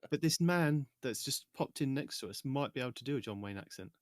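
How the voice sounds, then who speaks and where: A man's voice: mid-range voice, expressive, brisk, no echo. A man co-hosting a gaming podcast, wry and protesting in a casual chat with dry humor. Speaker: podcast co-host.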